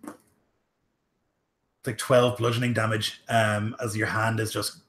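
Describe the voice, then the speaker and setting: A man's voice: lowish voice, level tone, takes it slowly, fairly bright tone, a little hiss or hum. A man narrating as game master, rambling with lots of filler words. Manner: rambling, heavy use of "like" and "um".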